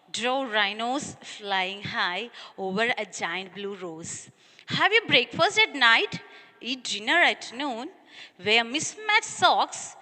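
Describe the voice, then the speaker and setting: Indian English woman teacher, high and bright, slow careful delivery, reverby room. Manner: patient, speaks to children as "dears". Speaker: school teacher. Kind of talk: online class lesson, reading a poem aloud.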